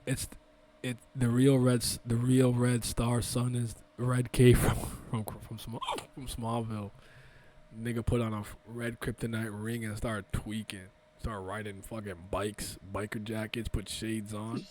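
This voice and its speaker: A man's voice: mid-range voice, fairly even intonation, moderate pace, a little mellow, slight background noise. A young man co-hosting a casual podcast, rambling through restarts and swearing freely as he chats. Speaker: podcast co-host. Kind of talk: casual chat.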